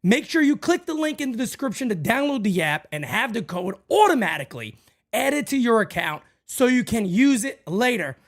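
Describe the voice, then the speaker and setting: Hosting a live baseball watch party for his stream, a man does play-by-play and a sponsor read from a desk microphone at home. He's animated and chatty with viewers, his voice swooping up in excited bursts and dropping low for quick asides.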